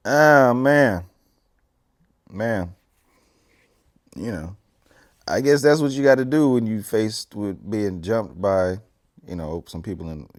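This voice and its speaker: A man with a very low voice talks slowly in loose, rambling commentary on a comedy clip, laughing between thoughts. His pitch swings widely as he goes. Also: a little mellow. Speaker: reaction video host.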